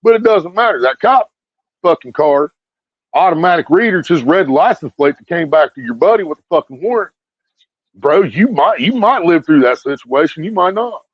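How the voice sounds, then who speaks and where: A man with a somewhat high voice rants bluntly to his viewers and swears heavily. He repeats his phrases as he builds up heat. The recording sounds muffled, dry and lo-fi. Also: slightly rough, dry recording. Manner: blunt, heated, repeats himself with lots of swearing. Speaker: video streamer. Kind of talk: profane ranting commentary to viewers.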